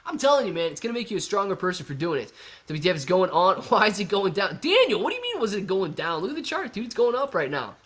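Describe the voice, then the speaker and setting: Excitable young man hosting a livestream. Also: sits high, quick pace. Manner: excitable, chatty, calls viewers bro and man. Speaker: livestream host reading chat. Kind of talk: casual live-stream chat.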